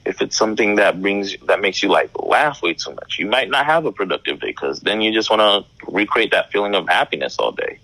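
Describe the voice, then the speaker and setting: A man speaking as a guest in casual conversation, calm and reflective, with some slang. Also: on the low side, brisk, hardly any pauses, no echo, low-quality recording.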